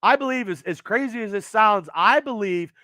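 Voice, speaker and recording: Male host at home, high sharp voice, cursing fast in angry outbursts, dry close sound. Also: lively intonation, no room sound. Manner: profane, agitated, fast rants. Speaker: podcast host. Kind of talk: angry sports rant to live chat.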